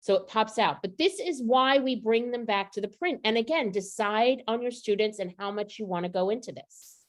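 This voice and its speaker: A woman's voice: on the high side, normal speed. Woman teaching teachers on a video call. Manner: explaining step by step, asks questions. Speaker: literacy trainer. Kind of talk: online teacher training.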